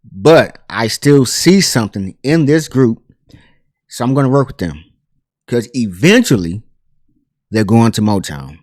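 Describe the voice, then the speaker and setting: A man hosting a pop culture commentary channel, telling a story in a chatty, animated way full of asides and fillers. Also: mid-range voice, measured pace, pauses often, no echo, clean studio sound. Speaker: host.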